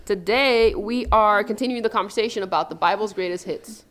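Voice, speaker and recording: A woman's voice: mid-range voice, a little fast. A woman co-hosting a casual faith podcast, explaining a story in a playful, joking way. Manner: playful, explains and jokes with frequent laughs. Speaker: podcast co-host. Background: faint background music.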